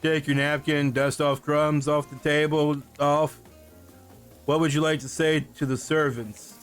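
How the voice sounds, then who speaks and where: Teasing high-voiced man streamer. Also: flat delivery, measured pace, faint music behind. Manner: teasing and joking, reads lines aloud. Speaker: streamer co-host reading game text. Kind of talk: casual stream banter.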